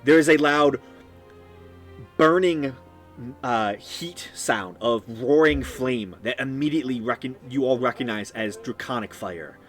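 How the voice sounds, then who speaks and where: Male game master narrating scenes, descriptive, halting with ums, mid pitch. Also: soft background music. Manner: descriptive, with many ums and restarts. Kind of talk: narrating a tabletop game on a live stream.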